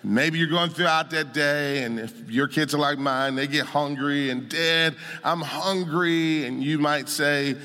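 Male pastor, high tense voice, preaching with a sung cadence in a reverberant sanctuary. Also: steady tone, moderate pace, hardly any pauses. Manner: emphatic preaching that swells into shouts and a sung cadence. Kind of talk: sermon. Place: church sanctuary. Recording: long church hall reverb.

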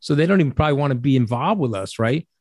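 Middle-aged man, interview guest, blunt and salty, medium pitch, dry close mic. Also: rapid-fire, breathy edge, no room sound. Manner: blunt and profane, animated, acts out quoted voices. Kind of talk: casual interview storytelling.

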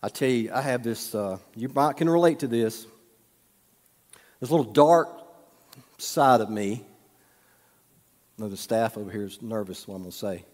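A man preaching a sermon, telling folksy stories with humorous asides and dropping to a soft hush at times. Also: on the low side, normal speed, pauses often. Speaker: pastor. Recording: long hall reverb.

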